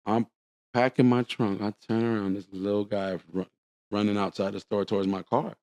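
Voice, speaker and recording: A man's voice: on the low side, little pitch movement, moderate pace, darkish tone, no room sound. A man telling a long story on a casual podcast, acting out the quotes.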